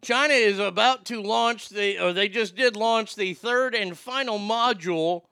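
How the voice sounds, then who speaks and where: A man's voice: high voice, unhurried, creaky, hardly any pauses, bright, forceful tone, clean tone, no echo, studio quality. A man hosting a talk show, chatting casually in a blunt, sarcastic and profane way. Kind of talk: casual opinionated chat.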